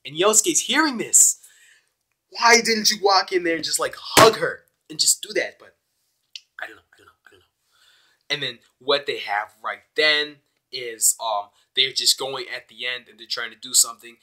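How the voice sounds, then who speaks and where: A young man giving a casual, rambling, excitable spoken review of an anime episode. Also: on the high side, normal speed. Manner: excitable, rambling, with many fillers.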